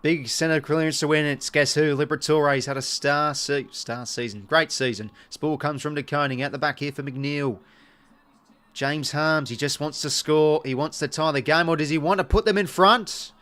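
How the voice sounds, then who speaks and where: A man's voice: on the high side, moderate pace, a bit bright. An Australian man giving casual live play-by-play commentary on a stream, chatting to viewers between calls.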